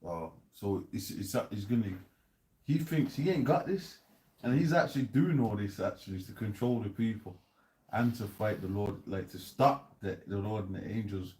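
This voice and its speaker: Low dark-voiced man in a roomy space. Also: moderate pace. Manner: animated, laughing, loose street slang. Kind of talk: casual chat on scripture. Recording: roomy echo.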